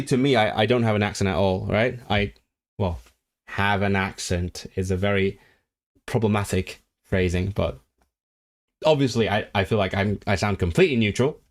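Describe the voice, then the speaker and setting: A man casually talking to his live-stream viewers, rambling with frequent restarts and fillers. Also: on the low side. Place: living in the North of England.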